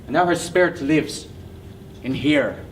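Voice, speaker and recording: An actor playing a brooding, bitter man haunted by his family, speaking intensely and often in a hush. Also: a little high, lively intonation, a little slow. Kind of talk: stage play acting. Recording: distant mic with noisy hiss.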